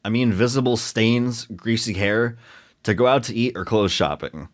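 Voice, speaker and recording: A man's voice: medium pitch, normal speed. A young man co-hosting a podcast, joking around and reading online posts aloud, sometimes tripping over his words. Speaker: podcast co-host reading stories.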